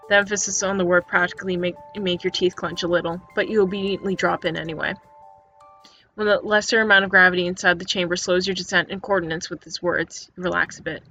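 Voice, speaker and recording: Woman narrating a story game, stumbling over words, bright flat voice, dull lo-fi recording, faint music. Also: lowish voice, fast talker. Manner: second-person narration with frequent stumbles and restarts. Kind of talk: reading an interactive story game aloud.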